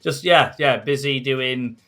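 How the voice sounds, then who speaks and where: A man's voice: medium pitch, slow, sharp tone. A man co-hosting a podcast in casual chat, laughing and rambling, often calling his friend mate. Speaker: podcast co-host.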